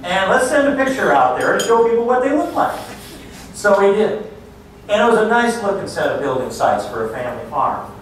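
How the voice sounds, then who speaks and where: A man delivers a political stump speech in a folksy, mocking storytelling way. His voice sits fairly high. The sound is very echoey and distant, as if caught from the back of a big hall, with a faint hiss underneath. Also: sing-song, a little fast. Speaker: political speaker.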